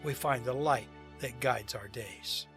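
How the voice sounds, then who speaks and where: A man hosting a show, reading poems aloud in a measured, solemn way. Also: medium pitch, music in the background. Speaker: host and storyteller.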